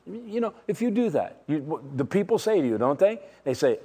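Lively preacher in an echoing hall. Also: male voice, on the high side, brisk, slightly rough. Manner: emphatic, dramatic swings from loud to hushed. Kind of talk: sermon. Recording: long hall reverb.

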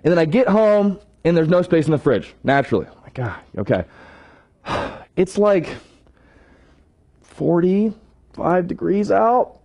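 Animated man telling a sermon story. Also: fairly high pitch, fairly quick. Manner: animated, self-deprecating, tag questions. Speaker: church staff member sharing a testimony.

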